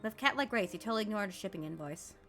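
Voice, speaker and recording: Lively, bright-voiced woman streamer. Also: mid-range voice, racing, soft background music. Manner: animated, jokey, mocks the game text. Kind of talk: reading game text aloud with playful commentary.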